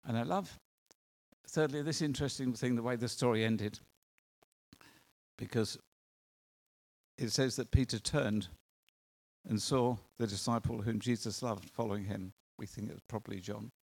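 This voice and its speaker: Male preacher, gravelly voice, earnest conversational sermon. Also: mid-range voice, moderate pace, pauses often, a little mellow.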